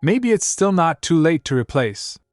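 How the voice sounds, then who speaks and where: A man voicing a loud, boastful male companion who calls out and brags. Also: a little high, very animated, moderate pace, no room sound, clean studio sound, soft background music, voice pushed up. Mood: boisterous.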